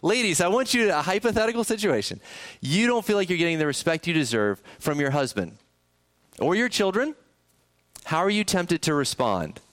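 A man's voice: sits high, big pitch swings, fairly quick, fairly bright tone. A male pastor preaching a sermon in a conversational way, often putting questions to the congregation. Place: church sanctuary.

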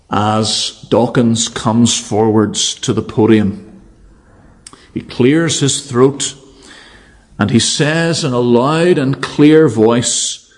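A man's voice: mid-range voice, a little mellow. A man preaching an evening sermon, emphatic and fond of rhetorical repetition.

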